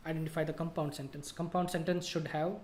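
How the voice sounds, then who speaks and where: Man tutoring grammar, higher voice. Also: flat delivery, fast talker, a little mellow, a little hiss or hum. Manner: patient, explains rules step by step with examples. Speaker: IELTS tutor. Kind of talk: live online grammar lesson.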